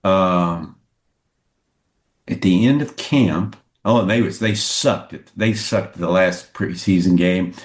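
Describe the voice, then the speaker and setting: An older man, a guest sportswriter, telling anecdotes in a lively conversational way and acting out what others said. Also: takes it slowly. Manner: lively storyteller who acts out quotes with pitch jumps. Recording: roomy echoey sound.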